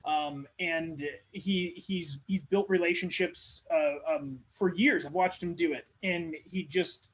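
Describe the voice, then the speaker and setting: A man hosting a live webinar who coaches on networking in an energetic, conversational way and acts out sample dialogues. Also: fairly high pitch, slow pace, few pauses. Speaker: marketing coach, webinar host.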